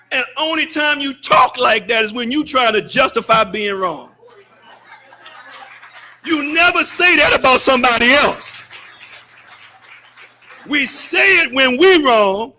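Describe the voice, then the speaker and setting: A man with a very high, bright, forceful voice preaches a sermon in a mosque. He delivers it with fervor and breaks into shouts to drive his points home. Between them he mimics people's excuses in wry, drawn-out asides. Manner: fervent preaching with shouted bursts. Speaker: student minister.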